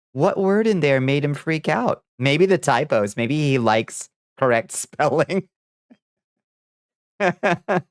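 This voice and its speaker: A man of medium pitch chats casually with his livestream viewers, laughing often and swearing without a second thought. The audio is dry and studio-clean.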